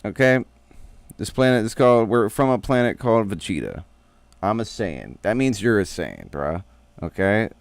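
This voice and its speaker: A man's voice: lowish voice, sing-song, normal speed, gravelly, no echo. A man voicing an arrogant long-haired male alien warrior in a casual comic recap, full of crude slang and swearing. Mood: bossy, scornful.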